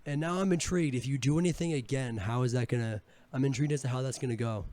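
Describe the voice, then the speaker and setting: Young male co-host with a sore throat, relaxed and curious, swears casually. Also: mid-range voice, fast. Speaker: podcast co-host. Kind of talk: casual chat.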